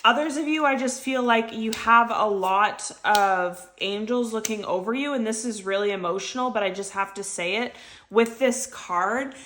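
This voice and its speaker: A woman's voice: on the high side, a bit bright, a little hiss or hum. Earnest woman giving a tarot reading. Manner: earnest, emotional, repeats phrases, slows on key words. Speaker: tarot reader. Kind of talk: intuitive tarot reading to the camera.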